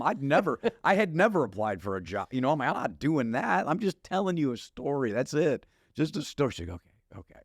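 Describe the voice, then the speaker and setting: Animated middle-aged man telling a story. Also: mid-range voice, a little fast, no room sound, clean studio sound. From Wisconsin, US. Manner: animated, laughs often, acts out dialogue. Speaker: guest pastor. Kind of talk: storytelling testimony.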